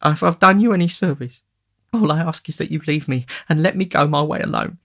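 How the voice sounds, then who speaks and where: A man's voice: fairly high pitch, fairly quick, vocal fry, fairly bright tone, pitched above the performer's own voice. A man voicing a frightened young woman of the streets in an audiobook, pleading and tearful. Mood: anguished.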